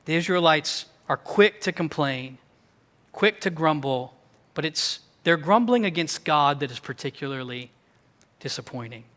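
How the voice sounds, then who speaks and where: Bright, high-voiced male pastor preaching. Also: lively intonation, long reverb tail. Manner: emphatic, conversational preaching with quick asides. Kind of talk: sermon. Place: church sanctuary.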